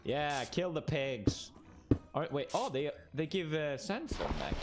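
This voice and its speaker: A man's voice: a little high, animated, moderate pace, loud music behind the voice. A young man streaming a game, giving playful, jokey commentary and talking to the characters on screen. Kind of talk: gameplay commentary.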